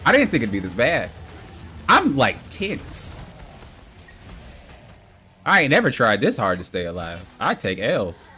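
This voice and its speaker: A man live-streaming a video game with excitable, exclamatory commentary, yelling at mishaps and trash-talking his friends. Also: mid-range voice, moderate pace, slight background noise.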